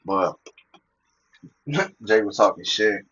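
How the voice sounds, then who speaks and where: A man's voice: on the low side, lively intonation, slow pace, fairly bright tone, slightly rough. Laid-back cursing man, lo-fi sound. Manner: laid-back and profane, laughing between points. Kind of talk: casual monologue mixing stories and scripture.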